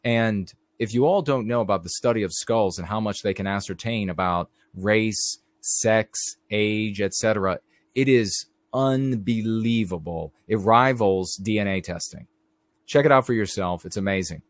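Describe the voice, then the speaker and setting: A man's voice: on the low side, moderate pace, no room sound. A middle-aged man hosting a live stream, telling rambling stories in a casual monologue and talking straight to his viewers. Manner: rambling storyteller, addresses viewers directly.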